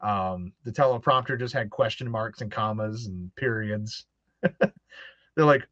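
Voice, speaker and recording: A man's voice: fairly low pitch, takes it slowly, fairly bright tone, dry recording. A man hosting a casual chat, telling stories animatedly and acting out quoted voices, with frequent laughs. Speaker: host. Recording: dull lo-fi dry sound.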